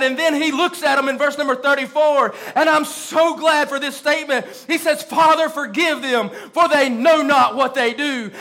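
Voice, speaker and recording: A man preaching a fervent sermon in a church, rising to shouts and drawing out quoted lines. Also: very high voice. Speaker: pastor.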